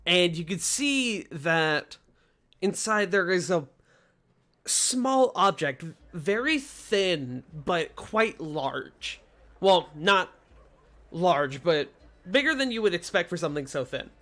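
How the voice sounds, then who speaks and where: A woman narrating a tabletop game as game master in a relaxed, halting way, with fillers. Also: on the low side.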